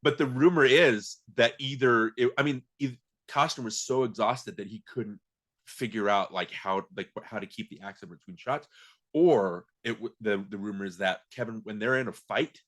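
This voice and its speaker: Low-ish guy on a movie podcast, rambly, keeps restarting his sentences. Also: moderate pace, fairly bright tone. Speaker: podcast co-host. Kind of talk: casual film chat.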